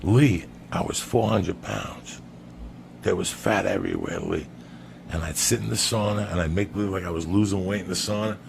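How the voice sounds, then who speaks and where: A man telling a long personal story on a podcast in a profane, animated way. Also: deep voice, normal speed, vocal fry, background noise. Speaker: podcast guest. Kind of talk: storytelling anecdote.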